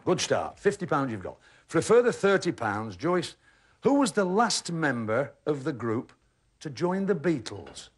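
A man's voice: on the high side, sing-song, unhurried, a little hiss or hum. A man hosting a television game show, chatting with contestants in a jokey way and laughing at his own puns. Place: TV studio with a live audience.

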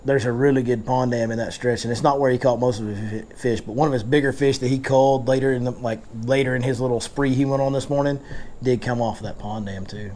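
A man's voice: medium pitch, steady tone, fast, darkish tone, slight background noise. A man hosting a casual fishing seminar, telling stories and joking in Southern slang. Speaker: fishing guide and seminar host.

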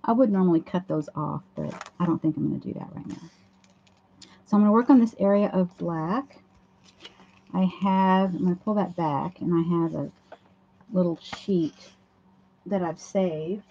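A hoarse woman hosts a casual craft livestream, chatting through each step as she works at a home craft table. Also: fairly low pitch, normal speed, long pauses, a little hiss or hum. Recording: dull lo-fi livestream audio.

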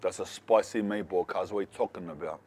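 An Australian man reviewing food in a casual vlog, talking in an excitable, slangy way. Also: deep voice, fast. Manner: slangy and excitable, calls the viewer "cuz". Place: cafes and city streets.

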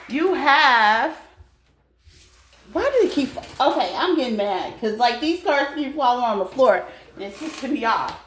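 A woman reads tarot cards for her viewers in a loose, chatty way, laughing and calling them babies. Her voice sits a little high. The room is echoey with a faint hiss behind her. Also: expressive, measured pace, a bit bright. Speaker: tarot reader. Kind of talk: casual tarot reading vlog.

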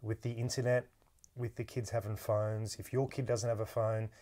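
With a warm, fairly low voice that barely moves in pitch, this man talks at a moderate pace. He hosts a podcast interview, chatting casually into the microphone, telling stories, laughing easily, and restarting often.

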